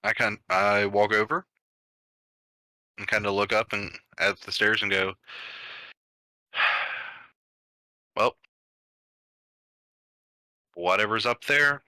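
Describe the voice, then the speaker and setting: A man playing in a tabletop game, speaking slowly and trailing off mid-sentence. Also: lowish voice, flat delivery, pushed and bright, no room sound, poor audio. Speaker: player.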